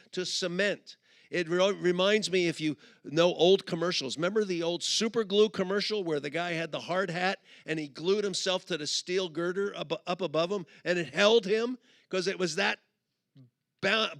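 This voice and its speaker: A middle-aged man giving a humorous sermon at a conference, telling stories and acting out both sides of a couple in quick put-on voices. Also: sits high, fairly bright tone, no room sound, studio quality. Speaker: conference speaker. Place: conference auditorium.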